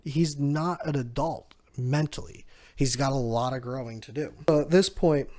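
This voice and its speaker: A man's voice: medium pitch, moderate pace, darkish tone. A man casually retelling a comic chapter, acting out the characters' lines and chuckling often. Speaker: manga chapter reviewer. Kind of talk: casual recap with acted-out quotes.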